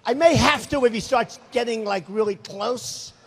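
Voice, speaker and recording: A man's voice: extremely high pitch, normal speed, vocal fry. A man in his sixties giving a rambling, repetitive, emphatic rally speech in a large venue. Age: 60s. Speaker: political candidate. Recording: reverberant hall.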